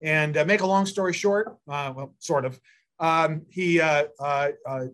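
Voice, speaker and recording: A man's voice: a little high, a little slow, fairly bright tone. A middle-aged man, a mayor and a candidate for prosecutor, answering interview questions with long rambling stories full of fillers and restarts.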